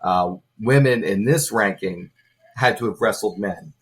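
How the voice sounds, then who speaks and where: Man, podcast guest, low pitch, measured, explanatory. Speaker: wrestling magazine guest. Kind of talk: casual podcast chat.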